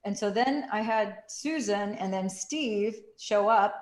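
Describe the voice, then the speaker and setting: A woman telling a story in a casual way, acting out the quotes with big jumps in pitch. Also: slow pace. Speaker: group participant sharing a story. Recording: roomy echo.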